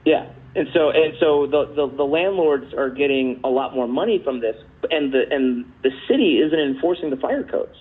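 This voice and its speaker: A man speaking haltingly on the radio, stumbling and filling gaps with "you know". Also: mid-range voice, animated, husky. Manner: halting, full of fillers. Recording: tinny phone-line radio clip.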